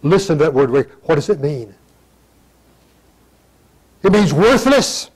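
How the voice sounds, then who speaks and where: An older man giving a sermon, reading scripture in old-fashioned wording and breaking into sudden loud emphatic rises. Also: a little high, very animated, moderate pace, long pauses, husky, rough recording. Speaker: pastor.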